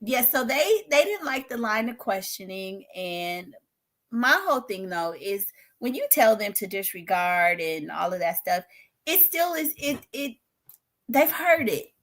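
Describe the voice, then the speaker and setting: A middle-aged woman hosting a home livestream, commenting dramatically with loud exclamations and laughter, then dropping to a hush. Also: medium pitch, sing-song, unhurried. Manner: dramatic, exclaims and laughs loudly, swings from shouting to hushed. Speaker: livestream host covering a trial. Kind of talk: excitable live commentary. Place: home studio in a spare bedroom.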